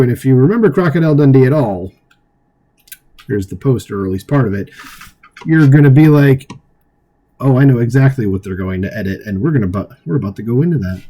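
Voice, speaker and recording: A man's voice: medium pitch, warm tone. A man hosting his own commentary channel, reading an article aloud and giving blunt, rambling opinions with lots of "uh" and "like". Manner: rambling, restarts often, frequent "uh" and "like"; blunt and openly scornful.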